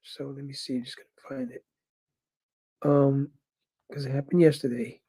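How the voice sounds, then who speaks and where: A man in his fifties telling his viewers a story in a casual, animated way and calling them brothers. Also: medium pitch, normal speed, breathy edge. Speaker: vlogger living in Japan.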